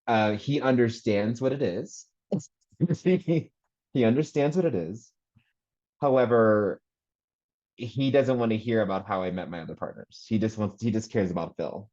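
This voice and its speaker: Male panel guest, lively storyteller who laughs easily, muffled lo-fi sound. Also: on the low side, measured pace. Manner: animated storyteller, acts out family quotes, laughs often. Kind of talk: casual group chat. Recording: muffled lo-fi audio.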